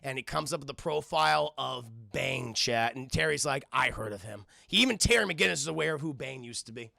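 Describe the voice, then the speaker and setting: A man giving a casual, profane scene-by-scene cartoon recap to his live stream chat, excitable and acting out the characters as he goes. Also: mid-range voice, fairly quick, creaky, no room sound, clean studio sound.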